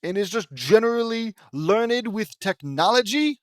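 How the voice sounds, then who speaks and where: Slow, rambling fan fiction reader. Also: mid-range voice, big pitch swings, fairly bright tone, no room sound, studio quality. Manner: rambling, exasperated asides with frequent restarts. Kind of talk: casual reading with commentary.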